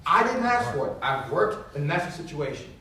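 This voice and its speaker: A man's voice: on the high side, sing-song, moderate pace, pushed and bright, a little hiss or hum. A man lecturing emphatically in a heated private argument, repeating himself, heard in a leaked recording. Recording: distant, very echoey leaked audio.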